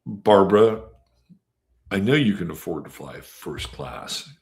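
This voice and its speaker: A man's voice: deep voice, lively intonation, slow pace. A man hosting a casual live astrology stream, reading out viewers' names and chatting in a rambling way full of fillers. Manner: rambling and chatty, with many fillers and sudden jumps in loudness. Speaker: astrology show host.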